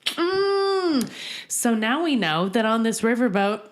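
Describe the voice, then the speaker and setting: A woman co-hosting a relaxed podcast, telling stories in a loose, rambling way. She peppers her talk with "like" and keeps it casual and conversational. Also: fairly high pitch, slow. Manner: chatty storyteller, many "like" fillers. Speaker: podcast co-host. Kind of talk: casual chat.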